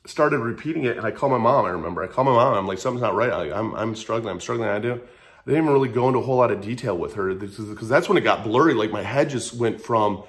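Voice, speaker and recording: A vlogger in his thirties tells a raw personal story at a quick pace in a mid-range voice. He is casual and earnest, swearing freely and repeating phrases.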